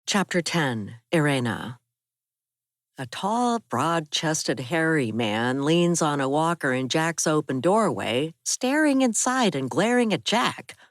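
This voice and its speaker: A woman narrates an audiobook in a steady first-person voice. Her pitch sits low. She is recorded close on a studio mic in a dry room. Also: slow pace, dry recording.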